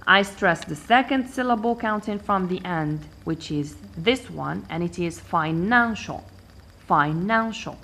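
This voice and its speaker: A woman teaching an English pronunciation lesson, counting syllables aloud slowly and deliberately. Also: lowish voice, gravelly, fairly bright tone, slight background noise. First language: Arabic.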